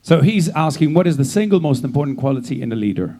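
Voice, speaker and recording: A man's voice: fairly high pitch, expressive, fast, mellow. A man moderating a conference Q&A session, talking in an upbeat, chatty way. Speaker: event moderator. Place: conference stage.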